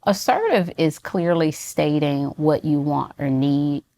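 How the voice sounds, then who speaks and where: A woman with a low, deep speaking voice talks calmly and clearly as a psychologist. She explains her ideas step by step in a measured, unhurried way. Her tone stays conversational. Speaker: psychologist guest. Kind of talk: conversational interview.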